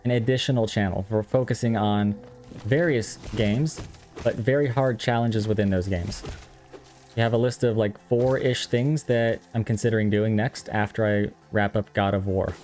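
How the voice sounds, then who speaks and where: A young man from Texas with a lowish voice chats loosely with his stream viewers while gaming. He rambles and pokes fun at himself, and faint game music plays behind him. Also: steady tone, moderate pace, darkish tone. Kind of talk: casual live-stream chat while gaming.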